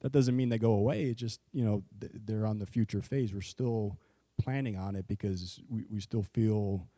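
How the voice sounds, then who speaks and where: A man's voice: lowish voice, normal speed, dark tone, no echo. A man consulting on a capital project. He presents to a school board in a conversational way, with restarts and frequent "right?". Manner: conversational, many restarts and tag questions. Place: public meeting room. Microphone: table microphone.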